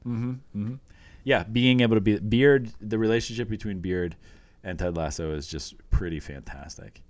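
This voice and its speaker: A man's voice: on the low side, normal speed, no room sound. A man in casual chat, retelling scenes from a show with eager, rambling enthusiasm.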